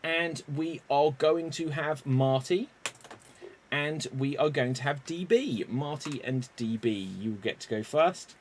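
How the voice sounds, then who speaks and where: A man hosting an online improv game over a video call, unhurried and chuckling as he calls on players by name. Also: a little high, a little hiss or hum. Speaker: improv show host.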